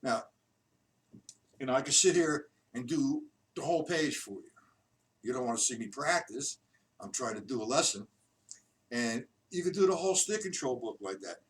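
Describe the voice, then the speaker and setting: During a live-streamed drum lesson, a man speaking at a medium pitch in an expressive way patiently counts beats out loud at a slow pace. He demonstrates the rhythms and explains each exercise, while the distant microphone picks up loud noise.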